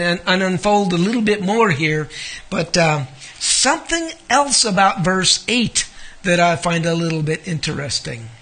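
High, bright-voiced male Bible teacher. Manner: conversational, asks the audience questions. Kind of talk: Bible study sermon.

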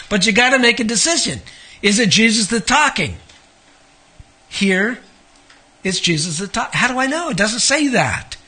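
A man's voice: high-pitched, bright, forceful tone, husky. A man teaching a Bible study, conversational and asking his listeners questions. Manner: conversational, asks the audience questions.

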